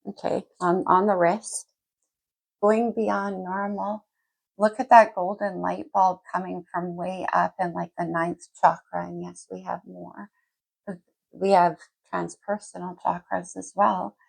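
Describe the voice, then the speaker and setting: A woman's voice: on the low side, flat delivery, measured pace, vocal fry, husky, poor audio. A woman giving a casual general tarot reading, talking straight to the viewer and wandering off her thread before picking it back up. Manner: rambling, loses and picks up her thread; talks straight to the viewer by sign. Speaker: tarot reader.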